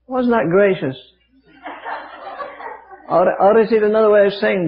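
An older man preaching with a high, lifted voice, spinning stories and rhetorical questions with a dry wit. The old recording is dull and muffled. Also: steady tone, moderate pace, pauses often. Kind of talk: sermon. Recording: dull lo-fi archive sermon recording.

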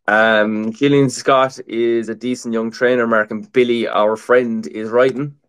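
A man's voice: medium pitch, steady tone, measured pace, fairly bright tone, smooth. A man co-hosting a casual horse racing preview, talking through tips with lots of "look" and "um". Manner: chatty, many fillers like "look" and "um". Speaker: racing tipster co-host.

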